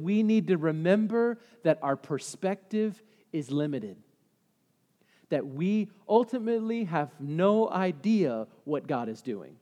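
A man, a pastor, preaching a sermon to his church, moving between calm teaching and loud, urgent preaching. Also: on the high side. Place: church sanctuary. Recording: long reverb of a large hall.

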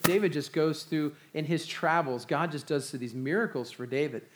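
A pastor preaching a sermon, reading scripture and retelling it in a conversational, animated way. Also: male voice, on the high side.

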